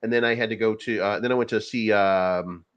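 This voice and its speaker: A man's voice: fairly low pitch, steady tone, brisk, fairly bright tone, smooth, highs cut off. A man hosting a casual crypto livestream, rambling and profane, with many fillers and restarts. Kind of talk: casual livestream market commentary.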